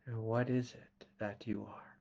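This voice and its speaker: A man from Kentucky with a Southern accent, a spiritual teacher giving a slow, meditative satsang talk and asking quiet questions between soft laughs. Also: fairly low pitch, flat delivery, vocal fry, dull audio. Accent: Southern American. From Kentucky, USA.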